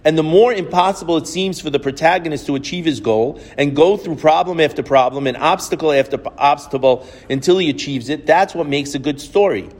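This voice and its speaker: A man's voice: on the high side, brisk, few pauses, darkish tone. A man delivers a reflective sermon, spinning stories and lessons in a slightly raised voice. His words ring out with a long hall reverb behind them. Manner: storytelling, reflective, quotes others at length.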